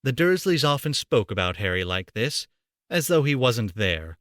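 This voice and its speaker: A man reading a storybook aloud for children, playful and animated, on a close home mic. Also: mid-range voice, normal speed, no room sound. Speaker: amateur voice actor reading aloud.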